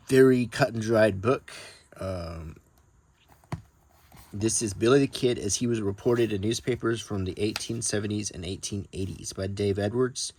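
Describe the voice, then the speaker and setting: Man, lowish voice, relaxed and rambling collector, soft-spoken, casual home talk. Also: slight background noise. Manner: soft-spoken, meandering, many ums and restarts; reads old newspaper text aloud in a measured tone. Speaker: book collector showing his collection. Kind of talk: casual, unscripted talk about his books.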